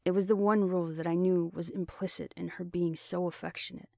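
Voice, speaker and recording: A woman narrating a first-person novel as an audiobook reader, in an even, steady storytelling manner. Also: lowish voice, brisk, vocal fry, dry recording, clean studio sound. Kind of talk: first-person fiction reading.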